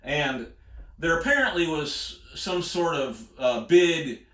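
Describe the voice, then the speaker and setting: A man's voice: on the high side, animated, slow pace, a bit bright. An American man, a singer-songwriter, telling a rambling road story in a folksy way, chuckling often. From United States. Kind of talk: casual spoken storytelling. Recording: echoey room.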